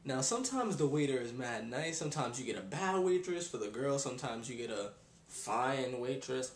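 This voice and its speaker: A man's voice: mid-range voice, sing-song, moderate pace. A young man, ranting in a casual vlog with exasperated sighs and slang. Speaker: vlogger. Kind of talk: casual rant. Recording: echoey room.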